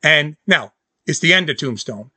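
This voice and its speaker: Man, podcast co-host, casual chat, bright forceful voice, dry close sound. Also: fairly high pitch, normal speed, no echo. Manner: excitable, acts out scenes in quotes. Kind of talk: casual movie-review chat.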